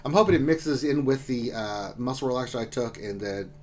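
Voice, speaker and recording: A man's voice: brisk, a little hiss or hum. Joking man hosting a live stream. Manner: loose, joking, swings between loud greetings and low mutters. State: in back pain, drinking. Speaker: livestream host. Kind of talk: casual live-stream chat reading viewer comments.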